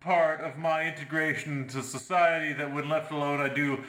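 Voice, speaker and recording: A man's voice: on the high side, fairly even intonation, moderate pace, bright, forceful tone, roomy sound. Man mock-formal in an improv sketch. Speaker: improv comedian.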